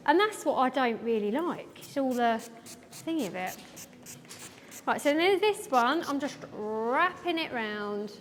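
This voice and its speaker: Woman, hair educator, high voice, rambling chat, long hall reverb. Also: animated, a little slow, fairly bright tone. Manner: chatty, rambling, lots of fillers. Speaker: hairdresser educator. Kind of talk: live hair demonstration with chat. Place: large event hall. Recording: echoey hall with faint background noise.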